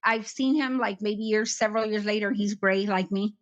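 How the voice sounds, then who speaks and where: A woman's voice: mid-range voice, steady tone, normal speed. A woman in her fifties, an interview guest, recalling a painful past in a rambling way that jumps from one memory to the next. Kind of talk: emotional personal recollection.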